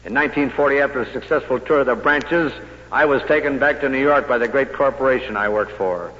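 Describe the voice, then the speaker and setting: An older sales executive giving a speech to an audience, telling a story with dry humor and loud emphatic peaks. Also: male voice, medium pitch, a little fast. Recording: muffled old hall recording.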